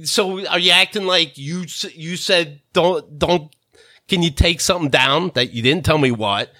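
A man hosting a podcast, delivering an exasperated, profanity-filled comedic rant that swings between mutters and shouts. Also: fairly high pitch, measured pace. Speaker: podcast host.

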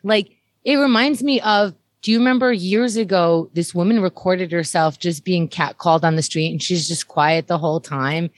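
A woman's voice: on the low side, moderate pace, no echo. A woman, telling a story in a casual chat, chatty and wry. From New York.

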